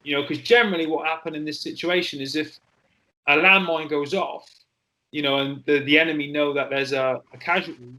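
Forties male interview guest, candid storyteller, slightly high and bright voice. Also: fairly even intonation, poor audio. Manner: candid, halting, with frequent fillers and swearing. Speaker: interview guest, former soldier.

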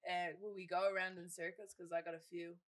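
A woman's voice: lowish voice, flat delivery, fast. A woman co-hosting a podcast, joking at her own expense and laughing often. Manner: laughs a lot, self-mocking. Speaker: podcast co-host. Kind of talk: casual banter.

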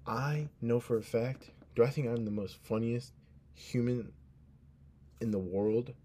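This young podcaster, mellow and medium-pitched, speaks at a measured pace on his casual solo show. Sleepy and sincere, he wanders and repeatedly cuts himself off.

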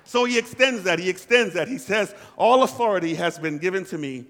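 A man's voice: high voice, animated, brisk, big-room sound. A pastor preaching a sermon to his congregation, calling for responses and repeating lines for emphasis. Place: church hall.

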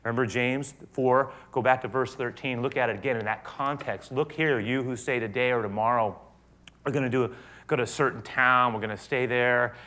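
Male preacher, mid-pitched, emphatic sermon delivery that drops to near-whispers. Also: fairly even intonation, a little fast. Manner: emphatic, swings from loud to soft and hushed; repeats and restarts words. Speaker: pastor.

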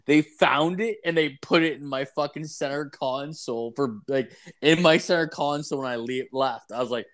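A man's voice: a little high, moderate pace, few pauses, fairly bright tone. A young man, co-hosting a podcast and telling a rambling, profane story full of "like". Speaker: podcast co-host. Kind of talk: casual podcast chat.

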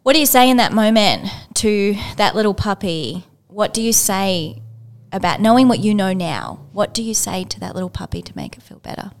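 A woman co-hosting a podcast, telling stories in an animated way and acting out past conversations. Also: medium pitch, moderate pace, few pauses. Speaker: podcast co-host, former educator. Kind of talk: casual interview chat.

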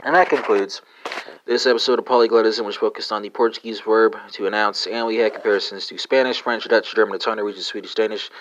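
A man's voice: fairly low pitch, steady tone, fast talker, fairly bright tone, muffled recording. A man hosting a language-learning podcast, spelling conjugations letter by letter with frequent "uh" and a questioning "right?".

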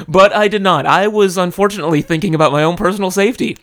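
Brief: lively male storyteller, slightly higher voice, close mic. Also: quick pace. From California. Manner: animated, dramatic storyteller. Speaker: YouTuber telling a personal story. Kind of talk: casual storytelling monologue. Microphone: close studio microphone.

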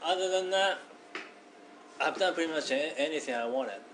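A man's voice: a little high, lively intonation, moderate pace, a bit bright, a little hiss or hum, low-quality recording. A man chatting casually as a podcast guest, laid-back and easy to laugh. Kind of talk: casual chat.

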